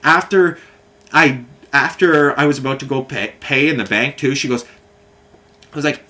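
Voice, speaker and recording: A man's voice: medium pitch, measured pace, long pauses, pushed and bright. A man angrily recounting a billing dispute in a repetitive, swearing personal rant.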